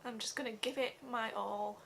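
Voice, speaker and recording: A young woman giving an earnest personal vlog update, talking haltingly with many fillers. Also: fairly high pitch, steady tone, gravelly, slight background noise. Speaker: vlogger.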